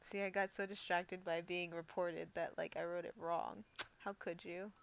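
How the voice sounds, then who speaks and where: A woman's voice: on the low side, little pitch movement, moderate pace, gravelly, smooth. Playful, giggly young woman tutor. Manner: playful, giggly, chatty asides. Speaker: physics teaching assistant. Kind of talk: casual livestream tutoring.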